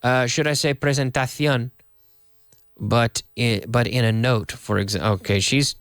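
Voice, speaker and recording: A young adult man runs a live online English lesson in a chatty, easygoing way. He stops to repeat phrases slowly and clearly for his learners. His voice sits at an ordinary pitch and is picked up dry and close, with no room sound. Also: steady tone, a bit bright, no echo. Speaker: English teacher.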